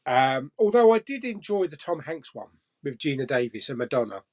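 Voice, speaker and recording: A man's voice: mid-range voice, sing-song, brisk, darkish tone. A man hosting a casual live chat stream and reading viewer comments, jokey, laughing often and swearing casually.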